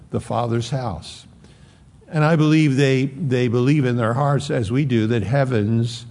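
Gravelly man preaching conversationally. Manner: conversational, rambling asides, dramatic drops to soft low tones. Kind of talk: sermon.

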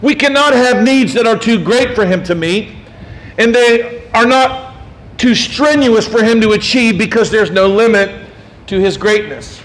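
A man's voice: sits high, a little slow, a bit bright, rough recording. A male pastor delivering a sermon in an emphatic, folksy way, with self-deprecating asides.

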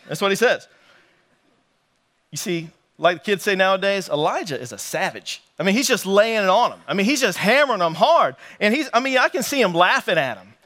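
A young man preaching a sermon, joking with the crowd, reading scripture slowly and acting out the quoted taunts with energy. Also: sits high, bright, forceful tone. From North Carolina. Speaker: pastor.

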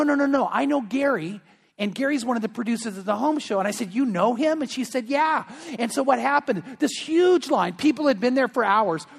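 A man preaching a sermon as pastor, telling stories in an animated way and acting out the voices of the people in them, with frequent fillers and restarts. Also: high voice, big-room sound. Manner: animated, acts out quoted voices in his stories. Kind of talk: sermon with storytelling. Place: church sanctuary.

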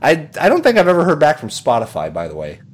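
Animated husky male podcast host. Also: fairly high pitch, quick pace. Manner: animated, swears, lots of fillers. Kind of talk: casual chat.

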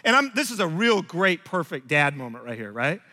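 High, bright-voiced preacher in a reverberant hall. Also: male voice, very animated, normal speed. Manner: conversational, self-deprecating storytelling. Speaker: pastor. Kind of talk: sermon.

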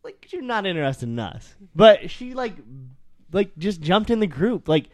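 A man with an Iowa accent co-hosting a podcast, telling a story in a rambling, animated way with many fillers. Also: sits high, moderate pace. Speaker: podcast co-host. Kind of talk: casual storytelling chat.

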